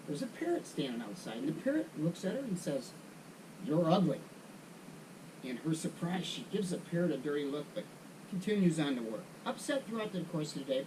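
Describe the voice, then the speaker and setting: A man's voice: fairly high pitch, far from the mic, noisy background. A man hosting a casual golf chat show, asking questions and telling a long joke. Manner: jokey, tells jokes. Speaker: host.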